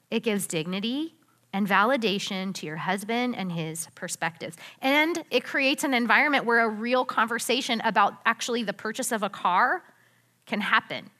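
Bright-voiced woman giving an earnest teaching talk. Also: fairly high pitch. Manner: earnest, conversational, uses rhetorical questions. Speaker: women's ministry speaker. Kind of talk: sermon-style teaching talk.

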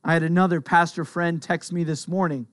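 Middle-aged male pastor, slightly high voice, dry close sound, relaxed conversational sermon delivery that leans on repetition. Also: a little fast, no echo. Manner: conversational preaching, repeats key phrases.

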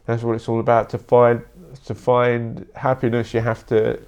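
A man's voice: mid-range voice, completely flat delivery, normal speed, a little mellow, dull audio. A young man hosting a podcast, rambling bluntly in a casual solo monologue and swearing often. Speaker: podcast host.

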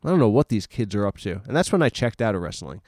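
A man's voice: fairly low pitch, big pitch swings, fast talker, a little mellow, dry recording, studio quality. A man hosting a podcast alone in a room, talking in a rambling, self-mocking way with lots of filler words. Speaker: solo podcast host. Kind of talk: rambling casual monologue.

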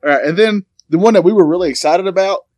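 A man's voice: high-pitched, fast talker, a little mellow, dry recording. A man co-hosting a podcast, joking around in casual chat and laughing often. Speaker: podcast co-host.

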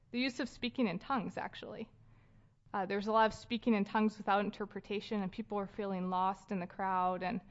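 A woman in her thirties giving a casual sermon at a church gathering, talking conversationally with fillers and light laughs. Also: mid-range voice. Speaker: speaker leading a church gathering. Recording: dull lo-fi sound.

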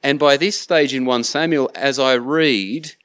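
A man's voice: medium pitch, measured pace, fairly bright tone. A man preaching a sermon, retelling a scripture story in casual everyday slang. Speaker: pastor.

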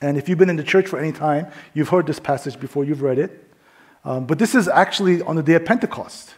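A man's voice: fairly high pitch, fast. A male pastor preaching a sermon in a casual, conversational way, with many fillers, telling a story and acting out the voices in it. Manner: drops to a soft hush in prayer.

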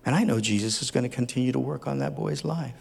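A man's voice: medium pitch, fast talker, vocal fry, a little mellow, breathy edge. A man preaching a sermon as a pastor, speaking earnestly and tenderly, building at times to fervent emphasis. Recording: long hall reverb.

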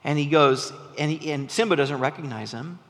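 A man preaching a sermon as a pastor, an animated storyteller whose voice rises when he gets excited. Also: a little high, moderate pace. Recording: long reverb from a large hall.

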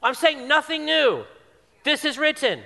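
A man's voice: very high-pitched, very animated, unhurried, vocal fry, sharp tone, in a large hall. A man preaching a sermon, emphatic, repeating phrases for weight. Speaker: pastor.

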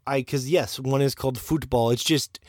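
A man's voice: mid-range voice, normal speed, no echo, clean studio sound. A man from the United States co-hosting a podcast, joking around and swearing freely. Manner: profane, joking, animated. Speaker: podcast co-host. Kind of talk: casual podcast chat.

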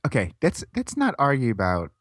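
A man's voice: medium pitch, huge pitch swings, a little fast, no room sound, clean studio sound. A man co-hosting a podcast in casual banter, stubborn and teasing, laughing often. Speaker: podcast co-host.

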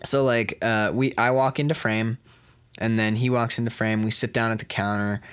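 A man's voice: on the low side, flat delivery, moderate pace, fairly bright tone, clear, resonant tone. A man in casual chat, telling rambling, profane stories about acting in a film and laughing often. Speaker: actor.

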